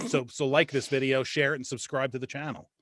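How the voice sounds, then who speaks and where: A tired man co-hosting a live-stream show from a small booth, loud, profane and joking. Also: mid-range voice, little pitch movement, fairly quick, dry recording. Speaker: podcast co-host. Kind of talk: casual live-stream chat. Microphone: studio mic in a small booth.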